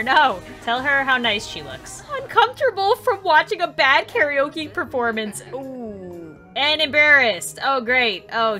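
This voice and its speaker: Lively, bright-voiced young woman gaming. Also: fairly high pitch. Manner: excitable, laughs often, talks to the game characters. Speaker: gaming channel host. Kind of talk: casual gameplay commentary.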